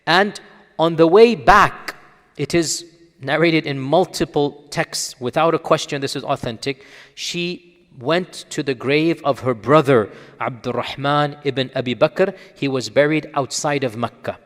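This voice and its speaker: A man with a slightly raised voice explains religious rulings as a teacher. He talks earnestly and keeps tossing out rhetorical questions and quick check-ins. The sound has a long, roomy reverb around it. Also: on the high side, a bit bright. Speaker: Islamic scholar answering questions.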